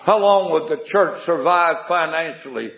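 A man's voice: a little high, moderate pace, echoey room, highs cut off. A man preaching a revival sermon in a folksy way, asking the congregation questions and telling homespun jokes.

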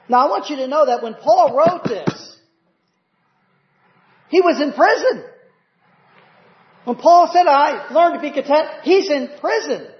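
A male pastor preaching a sermon, often asking the congregation "Amen?". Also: sits high. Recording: roomy, dull church recording.

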